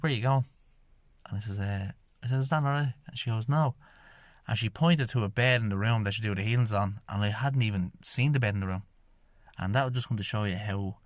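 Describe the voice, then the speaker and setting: A man with a fairly low voice, recorded without echo. As an Irish shamanic healer and podcast host from Ireland, he rambles through his own story in monologue, repeatedly saying "I says" as he retells conversations.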